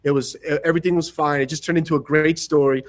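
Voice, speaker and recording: High-voiced man telling a lively story. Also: fast. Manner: animated anecdotes, acting out other people's lines and laughing often. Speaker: martial arts instructor, podcast guest. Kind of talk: casual storytelling.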